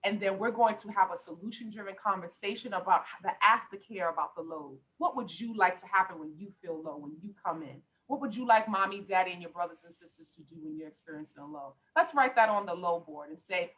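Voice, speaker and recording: A woman's voice: mid-range voice, lively intonation, fast talker, few pauses, a bit bright, rough recording. A middle-aged woman life coach talking on a podcast, passionate and emphatic, with lots of preacher-like repetition. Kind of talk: podcast conversation.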